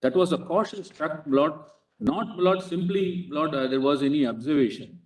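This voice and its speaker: Arguing a case before a court bench, a man with an Indian English accent and a fairly high voice slips "Lord" into almost every phrase, which makes his delivery halting and insistent. The audio is echoey, captured from a distance in the courtroom.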